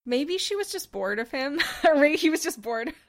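A woman's voice: high voice, sing-song, normal speed. A woman co-hosting a podcast, chatting casually about episodes, joking and laughing often. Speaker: podcast co-host. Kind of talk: casual discussion.

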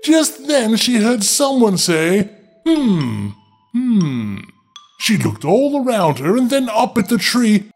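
A high-voiced man reads a fairy tale with a very lively, up-and-down delivery. He keeps stopping to make sarcastic jokes, and faint music plays behind him. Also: measured pace, few pauses. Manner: sarcastic, joking interruptions. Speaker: storyteller host. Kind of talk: fairy tale reading with comic asides.

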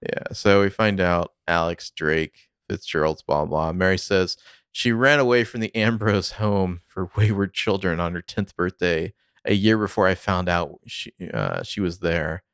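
A man's voice: sits low, measured pace, a bit bright, clear, resonant tone, no echo, clean studio sound. A man casually recapping a TV episode on a podcast, narrating the scenes and briefly acting out the characters' lines.

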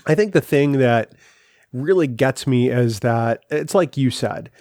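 A man co-hosts a podcast and weighs the strengths and weaknesses of an episode in a thoughtful, analytical way. His voice sits in a middle pitch. The sound is dry and close, with no room echo. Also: expressive, a little slow, darkish tone. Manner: thoughtful, analytical, with some restarts. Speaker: podcast co-host. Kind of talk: casual chat.

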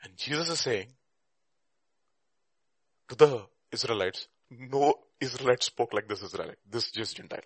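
A man preaching a sermon and teaching a Bible class, emphatic, with rhetorical questions and bursts of loud stress. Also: medium pitch, normal speed, long pauses, breathy edge, dry recording.

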